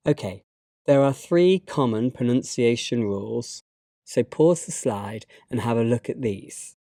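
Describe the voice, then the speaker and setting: British guy narrating a slide lesson, talks to learners slowly, mellow voice, dry close mic. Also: mid-range voice, lively intonation, no echo. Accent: British English. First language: British English. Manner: measured, instructive, addresses learners directly. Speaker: English teacher.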